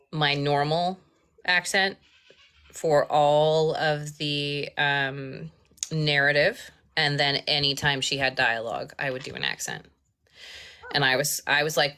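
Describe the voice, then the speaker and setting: A woman's voice: sits low, moderate pace, pushed and bright. A woman audiobook narrator chatting candidly on a live stream about her work. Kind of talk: casual live-stream chat.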